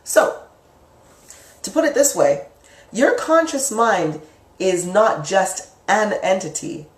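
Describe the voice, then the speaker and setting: A woman giving a casual spoken lesson on the mind, chatty and lively, acting out inner voices with sudden leaps up in pitch. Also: slow, distant mic. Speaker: psychic teacher. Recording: echoey room, speaker away from the mic.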